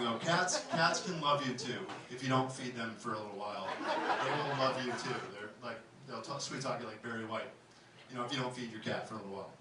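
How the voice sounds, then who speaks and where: A man doing a stand-up comedy set in a club, animated, jumping into high excited voices for the characters in his bits. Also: brisk. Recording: echoey club, mic from far off, crowd noise. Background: audience laughter.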